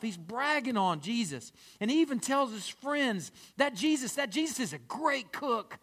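Lively, high-voiced male preacher. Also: normal speed, hardly any pauses. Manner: animated preaching, acting out voices of listeners. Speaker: pastor. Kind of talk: sermon.

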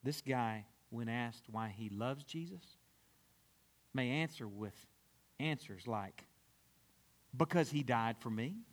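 A man's voice: mid-range voice, animated, takes it slowly, pauses often. A male pastor preaching a sermon, acting out the voices of people in his story.

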